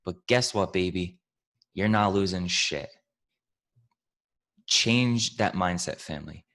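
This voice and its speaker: A man's voice: deep voice, slow pace, fairly bright tone. A man answering questions as a trading mentor, talking in a pumped-up, profane, coach-like way and calling his listeners family and team. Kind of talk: casual Q&A talk.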